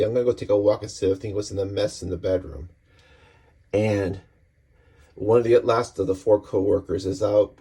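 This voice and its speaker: A man casually walking through a comic issue page by page, talking in a relaxed, rambling way with many fillers. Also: fairly low pitch, breathy edge. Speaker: comic book reviewer.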